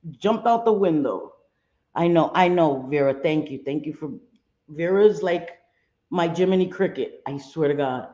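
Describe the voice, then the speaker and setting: A woman's voice: on the low side, reverberant, lo-fi sound. Chatty middle-aged woman live streaming. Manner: chatty and expressive, greets viewers by name, swings from sweet to fired up. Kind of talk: casual live chat reading viewer comments.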